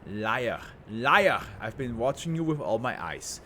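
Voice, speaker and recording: A man's voice: mid-range voice, very animated, measured pace, bright, forceful tone, slight background noise. A man voicing an arrogant male tycoon who is a brain in a jar, speaking in a grandiose, contemptuous way. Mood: haughty.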